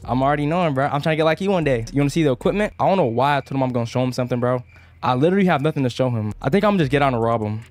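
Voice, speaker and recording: A man hosting a gaming video, commentating and role-playing casually, excitable and heavy on slang, often laughing. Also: mid-range voice, rapid-fire, soft background music.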